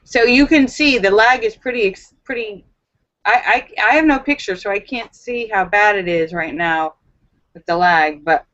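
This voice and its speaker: A woman's voice: mid-range voice, moderate pace. Chatty woman on a muffled live stream. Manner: chatty, animated storytelling with fillers. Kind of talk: casual live stream chat.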